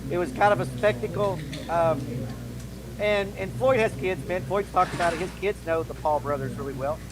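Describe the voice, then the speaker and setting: A man's voice: high voice, moderate pace, noisy background. A man co-hosting a combat sports talk show, skeptical and repeating himself as he thinks aloud. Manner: skeptical, talks through restarts and hedges. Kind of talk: casual combat sports commentary.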